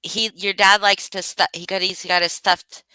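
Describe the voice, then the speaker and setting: A woman's voice: medium pitch, flat delivery, normal speed, pushed and bright, smooth, no echo. A woman hosting a casual live stream, reading chat aloud and chatting loosely with some swearing. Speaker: streamer host.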